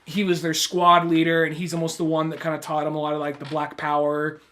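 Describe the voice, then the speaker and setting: A man with a slightly raised pitch chats casually on a podcast, rambling through a movie recap. He swears freely and jumps into loud, acted-out quotes. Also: monotone, fast. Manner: rambling, profane, acts out quoted lines loudly. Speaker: podcast co-host. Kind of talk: casual chat.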